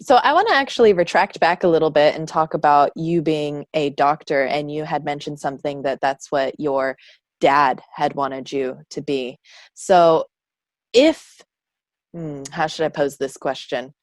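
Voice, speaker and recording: A woman's voice: low voice, measured pace, no room sound, clean studio sound. A woman hosting a podcast interview who listens attentively and drops in frequent murmurs of agreement. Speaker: podcast host.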